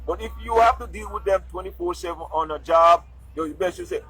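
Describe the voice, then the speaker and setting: A man's voice: high-pitched, fast, vocal fry, fairly bright tone, soft background music, low-quality recording. A man giving casual motivational advice straight to his viewers, in a loose, rambling way, checking in after nearly every point to ask if they understand. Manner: loose, rambling delivery with restarts, breaks into singing. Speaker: vlogger giving life advice. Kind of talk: casual motivational monologue to camera.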